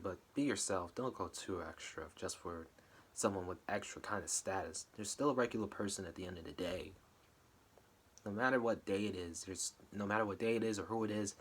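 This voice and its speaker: A young man talking casually as he recaps and reacts to a wrestling show, now and then breaking into a high, wailing mock-cry. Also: a bit bright.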